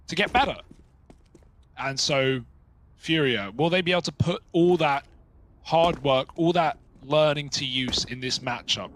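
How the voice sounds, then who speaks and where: Bright-voiced male esports caster. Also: fairly high pitch, a little slow, slight background noise. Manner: playful, joking. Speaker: esports commentator. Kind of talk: live play-by-play commentary.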